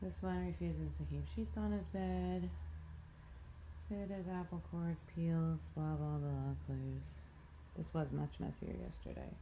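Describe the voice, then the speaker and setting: Tired mom walking thru her messy house, slow mellow voice, kinda low. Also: steady tone, a little hiss or hum. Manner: tired, rambling, plain-spoken. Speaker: mother vlogging a home tour. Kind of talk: casual home vlog, walking tour. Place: house, indoors and around the yard.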